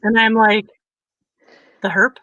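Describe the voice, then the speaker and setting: Bright, animated woman telling a story. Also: medium pitch, slow, dry recording, muffled recording. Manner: animated, frequent laughter, acts out quotes. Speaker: podcast co-host. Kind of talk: casual comic storytelling.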